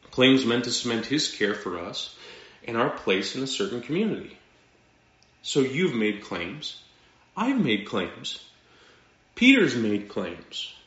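A man preaching a sermon as pastor, in a slow, dramatic delivery with pauses and sudden drops to quiet. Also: mid-range voice. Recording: echoey room, dull lo-fi sound.

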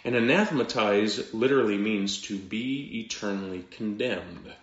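A man preaching a sermon as pastor, in a slow, dramatic delivery with pauses and sudden drops to quiet. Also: on the low side. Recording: echoey room, dull lo-fi sound.

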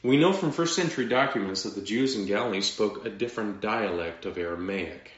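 A man preaching a sermon as pastor, in a slow, dramatic delivery with pauses and sudden drops to quiet. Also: lowish voice. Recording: echoey room, dull lo-fi sound.

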